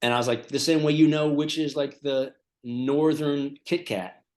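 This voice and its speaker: A man at a middle pitch riffs through invented stories, trailing off, restarting and stacking one absurd detail on another. His talk is loose and conversational, full of likes and ums. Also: fairly even intonation, normal speed, darkish tone. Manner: rambling, lots of fillers, builds absurd details. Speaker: comedian co-host. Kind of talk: improvised comedy chat.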